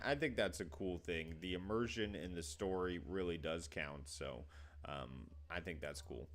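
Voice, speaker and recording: A man's voice: low-pitched, a bit bright. A man co-hosting a casual video game reaction chat, talking with easygoing, upbeat enthusiasm. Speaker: co-host.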